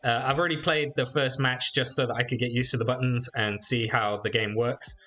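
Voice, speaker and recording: A man casually talking through a video game as he plays it, chatty and full of fillers. His voice is bright and forceful, with a middle pitch. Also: a little fast, dull audio. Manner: chatty, relaxed, frequent fillers. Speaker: YouTuber playing a game. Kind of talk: let's play commentary.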